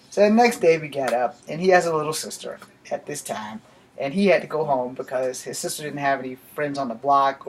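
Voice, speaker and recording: A man vlogging, telling a rambling personal story full of swearing. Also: medium pitch. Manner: profane and rambling. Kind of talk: casual storytelling.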